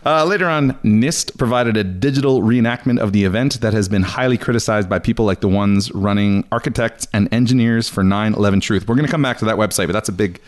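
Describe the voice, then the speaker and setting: A man's voice: lowish voice, quick pace, hardly any pauses. A young man hosting a podcast, chatting casually, laughing often and reading out articles. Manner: chatty, laughs often, reads quotes in a mock voice. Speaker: podcast host.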